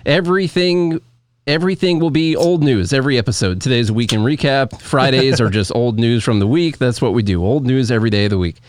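A man's voice: mid-range voice, brisk. A man co-hosting a podcast, talking in casual, joking banter with his co-host. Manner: joking, laid-back banter. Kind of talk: casual chat.

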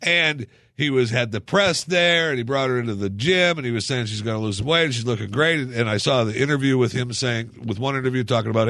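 A man rants through casual commentary with a mocking, sarcastic edge and a middling pitch. The recording is close and dry, with no room sound behind him. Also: big pitch swings, brisk, sharp tone, no room sound.

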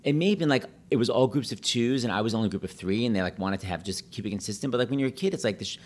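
A middle-aged man chatting casually, telling animated stories and jumping into high voices when he quotes people. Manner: talks fast, breaks into high put-on voices when quoting people. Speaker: podcast guest, pianist and Broadway host. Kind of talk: casual chat, animated storytelling.

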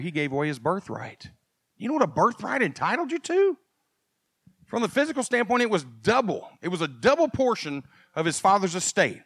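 High-voiced preaching pastor, man. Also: no echo, clean studio sound. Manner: animated preaching, swinging from quiet asides to loud emphasis; casual, folksy asides. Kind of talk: sermon.

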